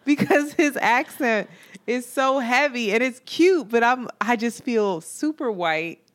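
Woman co-host, casual chatty storyteller, animated, quotes people in voices. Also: a little high, a little slow. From New York. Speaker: podcast co-host.

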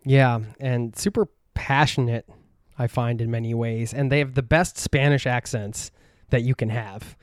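A man hosting a casual travel podcast and talking in an easygoing, animated way. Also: mid-range voice, unhurried, smooth, dry recording, studio quality. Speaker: podcast host.

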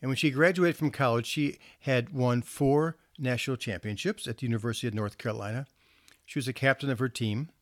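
A man's voice: mid-range voice, brisk, dry recording. Man telling stories in a dry, close recording. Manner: conversational, relaxed storyteller with small restarts. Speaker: counselor speaking to parents. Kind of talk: storytelling talk to an audience.

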